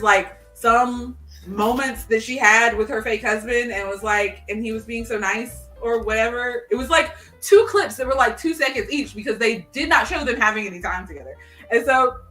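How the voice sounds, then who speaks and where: A young adult woman in casual chat, retelling a show's plot in an animated way and acting out characters' lines in quick voices. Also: fairly high pitch, faint music behind. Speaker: podcast co-host.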